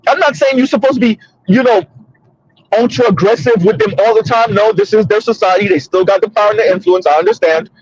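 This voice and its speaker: A man's voice: high-pitched, fast talker, breathy edge, no echo, dull audio. A man hosting a casual commentary monologue from his car, emphatic and repetitive, talking straight to listeners. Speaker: commentary host. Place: in a car on the road.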